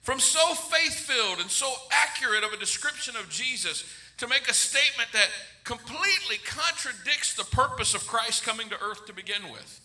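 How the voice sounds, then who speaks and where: A middle-aged man preaches in a large church sanctuary, his voice high and piercingly bright. He drives each point home with emphasis and drops in humor to get the congregation laughing. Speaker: pastor. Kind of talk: sermon.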